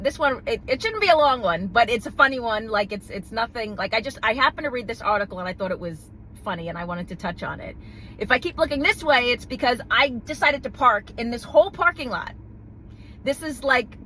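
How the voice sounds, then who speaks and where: A middle-aged woman from New York with a New York accent, hosting a casual podcast in a rambling, animated way from her parked car. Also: on the high side, a little hiss or hum, poor audio. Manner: rambling, animated, self-interrupting with laughs. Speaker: podcast host. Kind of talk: casual chat.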